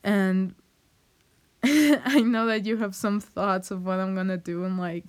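A woman's voice: mid-range voice, fairly even intonation, slow pace. A young woman speaking in an emotional, hesitant way, often breaking into nervous laughs and using lots of fillers as she talks to her viewers. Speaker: vlogger. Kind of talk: personal heartfelt monologue.

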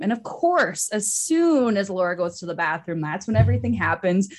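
A young adult woman co-hosting a podcast, chatting casually and telling stories with an animated, laughing manner. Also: medium pitch, fairly quick, hardly any pauses. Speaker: podcast co-host. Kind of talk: casual chat.

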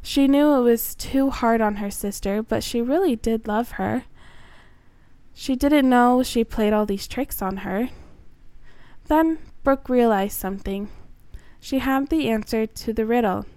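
A woman reading aloud a homemade children's story in a gentle, earnest storybook manner. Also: a little high, a little slow, clear, resonant tone, dry recording.

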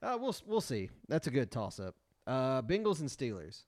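A man co-hosting a casual sports podcast, relaxed and goofy, bantering about game picks. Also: medium pitch, moderate pace, dry recording, studio quality. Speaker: podcast co-host.

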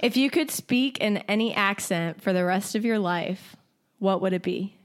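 A woman's voice: medium pitch, moderate pace. A woman hosting a casual family game chat, giggling often as she moves things along. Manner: giggly, laughs often while running the game. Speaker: podcast host.

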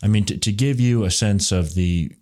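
A man's voice: lowish voice, normal speed, mellow. A man hosting a solo political commentary podcast, talking in a rambling way with frequent restarts and fillers. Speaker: podcast host.

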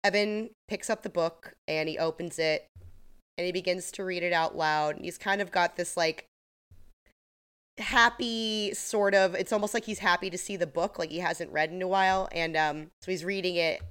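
Woman cohost, a bit low for a woman, chatty, walks thru scenes step by step on a video call. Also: normal speed, a bit bright, smooth. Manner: chatty, retells scenes in detail. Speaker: podcast co-host. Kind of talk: casual chat recapping a TV episode. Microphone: computer mic on a video call.

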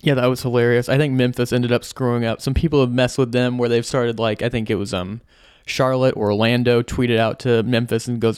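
A man's voice: medium pitch, level tone, fairly quick, darkish tone, clean tone, no echo, clean studio sound. A man hosting a casual sports podcast, running through player stats in an upbeat, analytical way. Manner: stat-heavy, upbeat analysis. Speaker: podcast host.

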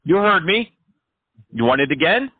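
A man's voice: fairly high pitch, sing-song, moderate pace, dry recording, phone-quality sound. A man prank-calling scammers, taunting and cursing them with sarcastic jabs. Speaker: scam-baiting host.

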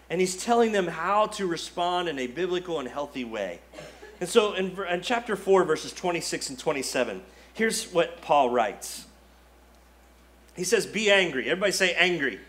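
Male pastor, higher voice, chatty lively sermon delivery that acts out the quotes. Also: moderate pace. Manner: conversational and lively, acting out quotes, frequent "like".

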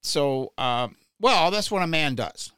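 A man's voice: on the high side, lively intonation, slow, fairly bright tone, clean tone, no room sound, studio quality. Blunt, profane man telling a story. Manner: profane, blunt, stammers and repeats when worked up. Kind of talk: casual podcast storytelling.

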